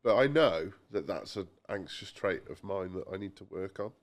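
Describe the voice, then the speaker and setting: A man's voice: low-pitched, lively intonation, normal speed. A young man co-hosting a casual podcast, telling chatty anecdotes and quoting people in voices. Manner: chatty storyteller, quotes people in voices, mild swearing. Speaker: podcast co-host.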